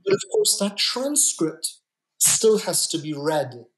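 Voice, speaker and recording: A male geneticist guest on a podcast, explaining with emphatic, deliberate stresses and repeated words. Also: a little high, very animated, fairly bright tone. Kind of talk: podcast interview.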